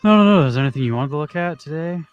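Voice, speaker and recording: Animated, easygoing man chatting over videos. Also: fairly high pitch, rapid-fire, clean tone, dull audio, soft background music. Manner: chatty, laid-back, laughs easily. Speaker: co-host. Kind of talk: casual chat reacting to videos.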